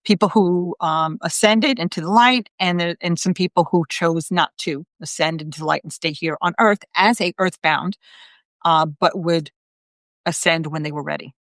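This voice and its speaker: A middle-aged woman, a psychic medium, talks on her live video in a loose, chatty way. Her voice sits low and sounds dry, with no room around it. She fills her story with ums and quoted back-and-forth. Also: moderate pace, dry recording. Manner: chatty, retells conversations with quoted voices, many fillers. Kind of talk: casual storytelling on a live stream.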